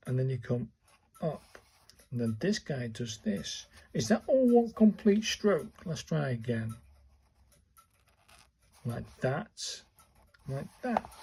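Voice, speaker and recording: Over poor audio, a man with a mellow, slightly rough mid-range voice talks himself through his writing strokes as he practices. He is a calligraphy learner and channel host, muttering his casual narration step by step.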